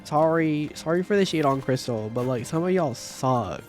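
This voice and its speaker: A man's voice: a little high, animated, faint music behind. Profane, rambling male game streamer. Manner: profane, rambling, quick bursts of shouting. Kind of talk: casual livestream chat while gaming.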